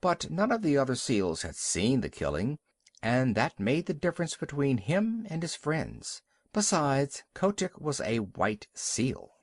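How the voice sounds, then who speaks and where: A man's voice: mid-range voice, sing-song, measured pace, dry recording. A man narrating a classic animal story as an audiobook reader, telling it expressively. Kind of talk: scripted narration.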